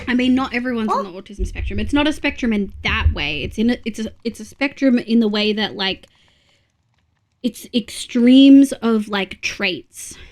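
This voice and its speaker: A woman's voice: fairly high pitch, normal speed, darkish tone. A woman with an Australian accent, chatting casually and giggling as she talks to her live-stream viewers, swearing freely.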